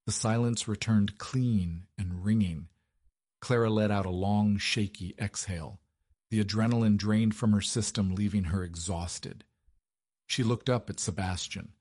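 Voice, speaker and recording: A man narrating a period romance story in a measured, dramatic way. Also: on the low side, fairly even intonation, a little mellow, no echo, studio quality. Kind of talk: scripted narration.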